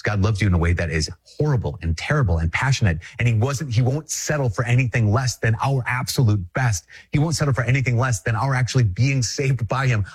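A Catholic priest from Minnesota giving a conversational, emphatic reflection, repeating phrases and chuckling often. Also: male voice, mid-range voice, slightly rough. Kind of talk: spoken reflection to an audience.

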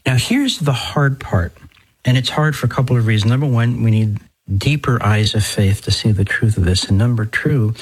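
A middle-aged Catholic priest hosting a talk show, speaking in a conversational, digressive way with folksy exclamations. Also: male voice, medium pitch, normal speed, husky, rough recording. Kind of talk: podcast talk.

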